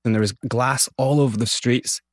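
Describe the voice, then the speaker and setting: A man with a Scottish accent, an interview guest candidly recounting his life in animated storytelling. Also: medium pitch, moderate pace, dry recording, clean studio sound. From Scotland. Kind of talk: personal storytelling.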